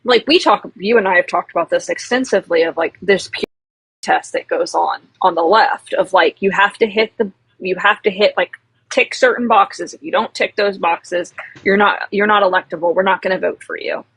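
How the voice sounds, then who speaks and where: A woman's voice: mid-range voice, normal speed, fairly bright tone, husky, no echo, poor audio. A woman political candidate calling in to a livestream, chatting casually with lots of "like" and "you know.". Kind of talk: casual call-in chat.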